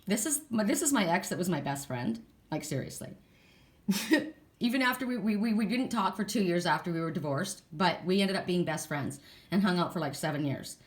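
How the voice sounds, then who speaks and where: A woman's voice: fairly low pitch, moderate pace. Middle-aged woman reading oracle cards, chatty, tells stories, laughs a lot. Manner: chatty, animated storytelling with laughs. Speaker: oracle card reader. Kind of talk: casual tarot-style card reading.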